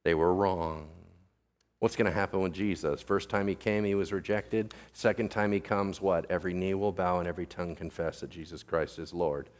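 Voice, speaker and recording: A male pastor preaching a sermon, telling the story in lively casual slang and often checking in with "right?". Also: deep voice, normal speed.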